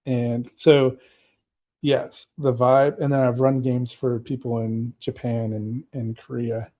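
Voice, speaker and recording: There's slight background noise as an American man, a game master and podcast guest, talks slowly about running games. His mid-range voice is mellow and level in tone, and his casual talk rambles with frequent fillers and restarts.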